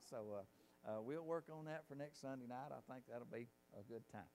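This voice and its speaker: A man's voice: mid-range voice, lively intonation, fairly quick, darkish tone, slight background noise, low-quality recording. A middle-aged man with a Southern US accent, a pastor giving folksy, rambling announcements and closing remarks in a church sanctuary. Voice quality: gravelly, creaky. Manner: folksy, rambling, storytelling with filler "uh".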